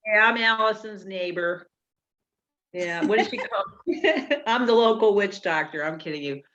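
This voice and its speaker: Woman, bright tone, friendly, joking, talkative, muffled lo-fi call audio. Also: mid-range voice, expressive, a little slow. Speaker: guest on a team call. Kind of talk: casual live video call.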